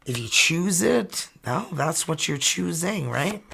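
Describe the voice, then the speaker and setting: A man reads tarot in a chatty, teasing way. His voice sits a little high with a bright, sharp edge and a gravelly fry underneath. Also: expressive, takes it slowly. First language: French. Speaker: tarot reader. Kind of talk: casual tarot reading.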